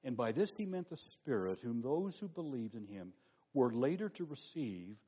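A man preaching a sermon as pastor, emphatic, asking rhetorical questions and slowing down on key phrases. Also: medium pitch, sing-song, husky, lo-fi sound.

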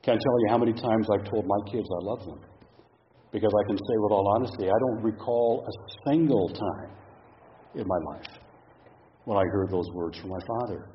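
A man's voice: lowish voice, normal speed, muffled recording, slight background noise. A middle-aged man preaching a sermon in a church, reflective and asking the congregation question after question. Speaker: pastor.

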